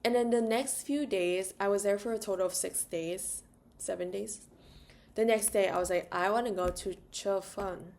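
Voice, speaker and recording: A woman's voice: mid-range voice, moderate pace, vocal fry, a little mellow. A young woman telling a travel story in a casual, rambling vlog, full of "like" and little asides. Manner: rambling, filler-heavy, chatty; sings "la la" to herself. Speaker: travel vlogger.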